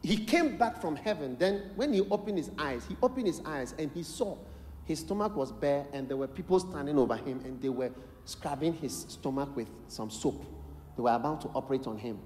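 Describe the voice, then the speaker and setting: Ghanaian bishop preaching, lively swooping voice, big echoey church hall. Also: male voice, a little high, a little fast, slight background noise. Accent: Ghanaian English. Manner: animated storytelling, acting out quoted voices, bursts of shouting prayer. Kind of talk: sermon. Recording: echoey large hall, live sermon.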